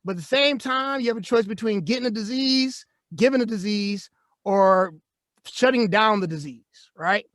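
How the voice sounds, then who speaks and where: A man co-hosting a live chat show, talking in an animated, ranting way and laughing often. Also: high voice, moderate pace, no room sound, clean studio sound. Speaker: co-host.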